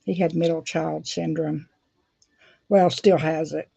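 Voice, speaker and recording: A woman's voice: sits low, steady tone, slow pace, creaky, warm tone, husky, no room sound. A middle-aged woman, chatting casually and rambling with frequent laughs while doing her nails for a vlog. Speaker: beauty vlogger. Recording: dull dry lo-fi sound.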